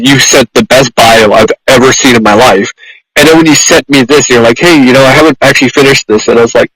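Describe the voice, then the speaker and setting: A man hosting a podcast, speaking effusively and haltingly with many repeated words. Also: medium pitch, a bit bright, no room sound, poor audio. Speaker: podcast host, pet groomer. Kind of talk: conversational interview.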